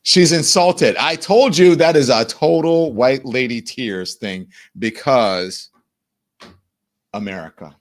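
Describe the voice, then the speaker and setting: A man's voice: mid-range voice, slow. Blunt, indignant male commentary host. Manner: blunt, indignant, swears freely. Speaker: show host. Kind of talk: livestream political commentary.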